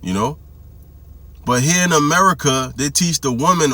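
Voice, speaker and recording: A man giving casual preaching commentary in heavy slang, often checking in with "you hear me?" and slowing down to read verses. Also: fairly high pitch, bright, forceful tone. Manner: slangy, repeats "you hear me?", reads scripture slowly. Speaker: religious commentary vlogger.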